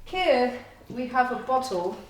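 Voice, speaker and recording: A woman's voice: fairly high pitch, lively intonation, slow pace. A woman from the Netherlands, telling history in a chatty, storytelling way as a distillery guide. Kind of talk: explaining history to visitors. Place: echoey distillery room. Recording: echoey room with faint background hum.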